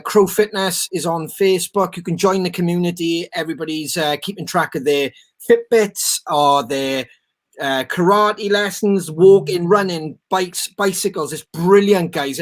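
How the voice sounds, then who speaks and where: A man hosting a podcast in casual chat, rambling and swearing, full of ums. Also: high-pitched. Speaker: podcast host.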